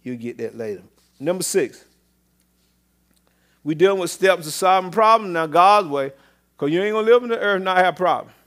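A man preaching a sermon as pastor, swinging between loud exclamations and low murmurs, with repeated call-outs to the congregation. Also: animated, moderate pace, pauses often. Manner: repetitive call-and-response phrasing.

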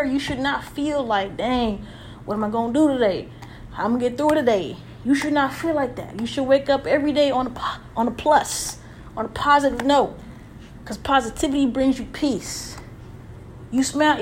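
A woman with a high voice hosts her own podcast, pushing listeners on in an emphatic, repetitive, preacher-like rhythm. Her words stack up in urgent runs of encouragement. A faint hiss sits under the recording. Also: a little mellow. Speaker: podcast host. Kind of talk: motivational podcast monologue.

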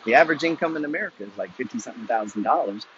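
A man's voice: mid-range voice, animated, very fast, a bit bright, highs cut off, a little hiss or hum. A man ranting bluntly and profanely while walking city streets, preaching a motivational walk-and-talk monologue. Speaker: vlogger. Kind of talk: walking-and-talking motivational rant.

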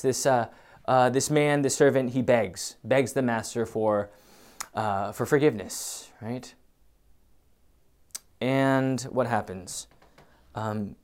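Man, sermon, emphatic bursts, quiet stretches, hesitant fillers, middle pitch. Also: slow pace, pauses often. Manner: swings from loud emphatic preaching to quiet low musing; hesitant, many fillers and restarts. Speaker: preacher.

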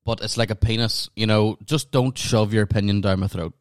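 Northern Irish man, lower voice, dry close sound, blunt and profane in casual podcast chat. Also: fairly even intonation, no room sound. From Northern Ireland. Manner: blunt, heavy swearing, quick laughs. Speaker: podcast co-host.

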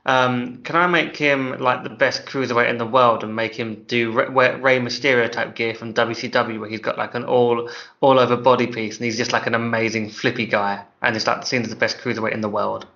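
A man in a casual podcast chat, hesitant and thinking aloud with many pauses. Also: mid-range voice, little pitch movement, sharp tone. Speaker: podcast co-host. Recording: dull lo-fi recording.

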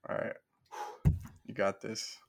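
A man's voice: slow, slight background noise. A man in casual podcast banter, laid-back and swearing freely.

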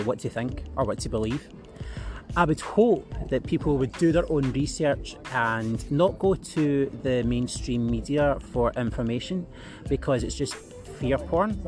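A man, a podcast guest, talking bluntly and rambling in casual chat, with frequent laughs and restarts. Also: medium pitch.

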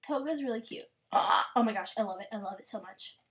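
A young woman giving a casual, gushing reaction commentary, gasping, repeating herself and dropping into soft whispers. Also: fairly high pitch, fast talker. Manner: rambling with repeated words. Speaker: vlogger browsing fan art.

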